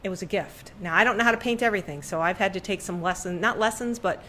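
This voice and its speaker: She's a middle-aged artist on a podcast, telling a story fast and in a fairly bright tone from a room lined with her paintings. Quoted voices get acted out through abrupt jumps in pitch, and a little hiss or hum can be heard.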